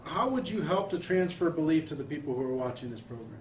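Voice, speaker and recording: A man's voice: a little high, animated, fast talker. Coaching male interviewer, echoey room. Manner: coaching, asks long framing questions. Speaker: interviewer, network marketer. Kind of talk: conversational interview. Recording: roomy echo, faint background noise.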